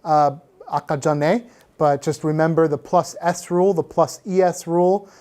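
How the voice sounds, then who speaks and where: A man's voice: fairly high pitch, steady tone, fairly quick, a little mellow. Man teaching grammar with Korean asides. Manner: patient, mixes in Korean explanations; frequent filler sounds. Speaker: English teacher. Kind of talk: grammar review lesson.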